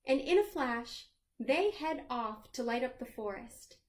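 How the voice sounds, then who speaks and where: A woman librarian reading a picture book aloud to children, gently asking them questions along the way. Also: on the high side, expressive, a little slow. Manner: sings the chorus lines in a lilting voice.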